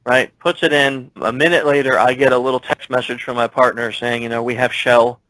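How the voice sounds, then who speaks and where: A man's voice: medium pitch, fairly quick, no room sound, poor audio. A man guest in an interview, telling a story from his work and acting out the dialogue in it. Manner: animated, acts out dialogue in his stories. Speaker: security expert guest. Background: speaking while standing at his desk.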